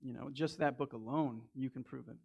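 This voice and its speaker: A man's voice: medium pitch, fairly even intonation, brisk, gravelly, breathy edge. Chatty Southern man preaching, lo-fi. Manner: conversational, with frequent restarts and repeated words. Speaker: lay preacher. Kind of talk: sermon with a personal story.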